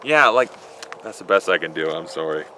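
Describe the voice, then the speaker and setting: Man, vlog Q&A outdoors, bright voice, loose and joking, swears a lot, faint traffic. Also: very deep voice, a little fast. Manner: rambling, joking, profane. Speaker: vlogger answering viewer questions. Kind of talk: casual Q&A vlog. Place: outdoors in a built-up area.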